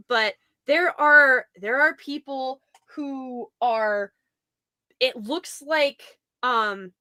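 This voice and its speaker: A woman hosting a casual podcast chat, talking in a bright, clear, slightly high voice. She is animated and quick to act out what other people say, with plenty of "like" along the way. The sound is close and dry. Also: no echo. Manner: animated, quotes others in mock voices, frequent "like" fillers. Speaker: podcast host.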